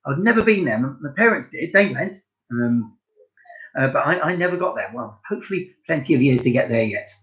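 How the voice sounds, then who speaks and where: Speaking at a medium pitch and a little fast, a man leads a French lesson for young children learning at home. Lively and encouraging, he addresses the pupils directly and praises them generously. The highs in the sound are cut off.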